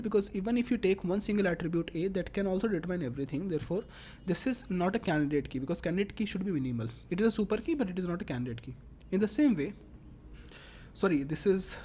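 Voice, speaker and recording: Repetitive woman lecturing with a mellow voice. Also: lowish voice, expressive, quick pace, a little hiss or hum. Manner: explains step by step, repeats phrases, fillers. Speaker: teacher. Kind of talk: classroom lecture.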